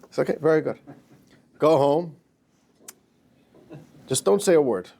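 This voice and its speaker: A man's voice: on the high side, lively intonation, unhurried, vocal fry, mellow, exaggerated voice. A man doing a coaxing veterinarian. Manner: coaxing, insistent. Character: confident male veterinarian with a trick.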